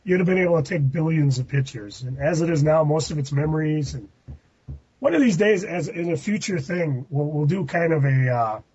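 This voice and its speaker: A man's voice: a little high, normal speed, a little mellow, husky. A man hosting a podcast, telling rambling anecdotes in a casual chat with laughing outbursts. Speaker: podcast host. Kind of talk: casual storytelling. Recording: muffled dry lo-fi recording.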